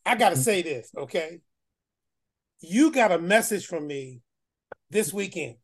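A man's voice: high-pitched, expressive, a little slow. A man telling a story in an emphatic, slangy way. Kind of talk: casual storytelling.

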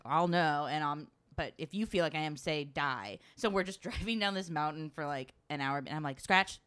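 A deep, clear, resonant female voice carries this animated travel story told in casual talk. The speaker swears freely and plays out what everyone said.

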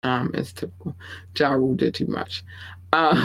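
A woman's voice: rumbling low, steady tone, normal speed, vocal fry, a bit bright, low-quality recording. A woman hosting a podcast, giving casual entertainment news commentary and reading viewer comments aloud in a candid, opinionated, blunt and profane way. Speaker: podcast host.

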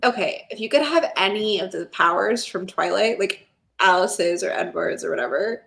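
A woman's voice: mid-range voice, moderate pace, vocal fry, a bit bright. Chatty young woman podcaster. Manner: chatty, giggly, sarcastic. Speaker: podcast co-host. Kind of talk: casual chat.

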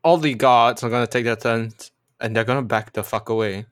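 A man's voice: mid-range voice, fairly even intonation, brisk, clear, resonant tone, no room sound, studio quality. Laid-back man running a tabletop game. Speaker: game master.

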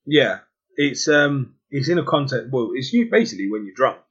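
A man's voice: mid-range voice, expressive, moderate pace, husky. A man with a London accent in casual chat, hesitant and full of restarts. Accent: London English. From England. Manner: chatty, hesitant, many restarts. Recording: dull lo-fi audio.

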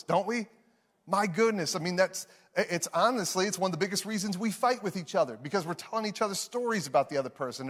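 A man preaching a sermon as a pastor, animated and emphatic, often repeating key phrases. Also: high voice, big-room sound.

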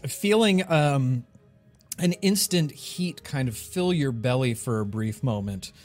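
A man runs a tabletop game as its narrator. He talks in a relaxed, halting way, often filling pauses with ums and uhs as he finds his words. Soft music sits faintly behind him. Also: mid-range voice. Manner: relaxed, halting with many fillers. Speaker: game master.

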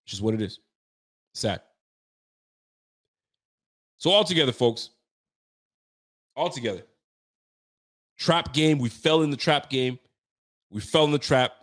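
A young man hosting a postgame show, ranting in frustration with lots of slang and repeated phrases. His voice sits at an ordinary pitch and swings between loud, sharp outbursts and low, muttered complaints. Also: unhurried, pauses often. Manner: frustrated, venting, repetitive, slangy. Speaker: sports podcast host. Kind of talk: heated postgame rant.

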